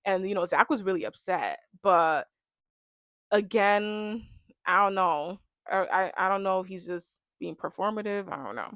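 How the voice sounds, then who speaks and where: A woman's voice: mid-range voice, normal speed, a bit bright, dry recording, studio quality. Chatty young woman recapping reality TV. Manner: chatty, rambling, heavy use of "like". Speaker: reality TV reaction vlogger. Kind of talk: casual reality show recap.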